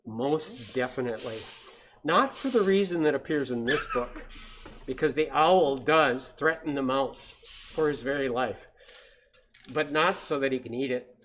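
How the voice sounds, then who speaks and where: A man who works as an educator at a science center, reading picture books aloud to children in an animated storytelling manner and imitating bird sounds. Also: mid-range voice, measured pace.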